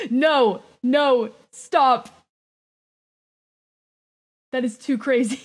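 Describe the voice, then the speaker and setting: A woman's voice: high-pitched, slow, long pauses. A woman streaming a game live, flustered and laughing as she thanks viewers and protests their donations. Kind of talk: live gaming stream chat.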